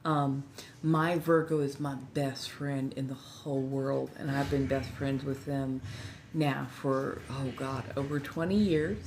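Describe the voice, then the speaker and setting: Californian lady in her 40s, low voice, tipsy rambly livestream chatter. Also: fairly even intonation, a little slow, a little mellow, slight background noise. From Southern California. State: slightly tipsy. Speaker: livestream host. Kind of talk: casual livestream chat. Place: friend's house.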